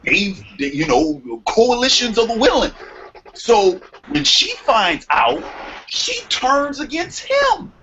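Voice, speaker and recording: A young man co-hosting a podcast tells a story in casual chat, animated and profane, acting out the quotes. His voice is very high-pitched and slow, and the audio sounds muffled and lo-fi with faint noise.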